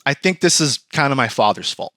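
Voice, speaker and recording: A man's voice: mid-range voice, expressive, fairly quick, sharp tone, dry recording, studio quality. Brief: young woman Eve, wheedling and self-justifying, as a man puts her on. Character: defiant young woman Eve making excuses.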